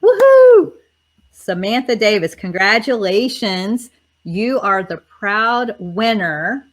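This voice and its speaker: A woman's voice: medium pitch, slow, a bit bright. A woman hosts a livestream on a video call. She chats with viewers in an upbeat way, and her voice cracks and tires. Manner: chatty, upbeat, talks to viewers directly. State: voice cracking and tiring. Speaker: host. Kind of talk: casual livestream chat.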